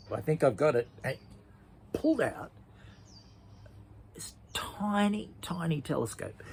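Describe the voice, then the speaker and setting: A man reading a children's story aloud, chatty, with asides and hushed passages. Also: medium pitch, vocal fry, a little hiss or hum.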